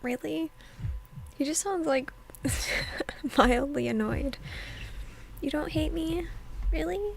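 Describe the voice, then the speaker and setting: A woman's voice: high-pitched, slow, vocal fry, pauses often, a little hiss or hum, low-quality recording. A young woman streaming a game, chatting casually with playful, mock-dramatic apologies. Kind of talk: casual gaming chat.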